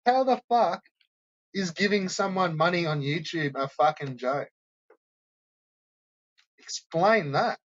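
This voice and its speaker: A man's voice: high voice, takes it slowly, long pauses, a bit bright, highs cut off. A man hosting a stream, ranting and mocking viewers with constant swearing. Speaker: host of a troll-reaction stream. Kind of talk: profane ranting commentary.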